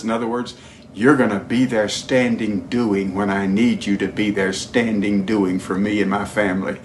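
A man preaching a sermon, telling stories in a lively way. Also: fairly low pitch, normal speed. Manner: storytelling, animated, breaks into singing a hymn.

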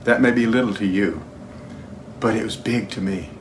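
A man preaching a sermon, telling stories in a lively way. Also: fairly low pitch, normal speed, a little hiss or hum. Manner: storytelling, animated, breaks into singing a hymn.

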